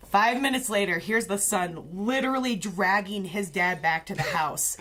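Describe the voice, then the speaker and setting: A woman's voice: mid-range voice, expressive, normal speed, hardly any pauses, fairly bright tone. A woman chatting casually as a co-host and spinning a story full of swearing and dry sarcasm. She laughs often and jumps into other people's voices as she tells it. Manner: profane, sarcastic. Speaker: podcast co-host.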